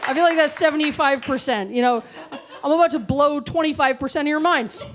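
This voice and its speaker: A woman from Canada performing a stand-up comedy set on stage, with animated, mock-indignant storytelling. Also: sits high, brisk, hardly any pauses, some chatter behind, a little hiss or hum. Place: comedy club stage with audience laughter.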